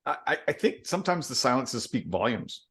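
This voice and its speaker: A man's voice: mid-range voice, sing-song, fairly quick, husky. A man co-hosting a casual podcast, a jokey improviser prone to rambling tales. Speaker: co-host. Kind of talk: casual chat.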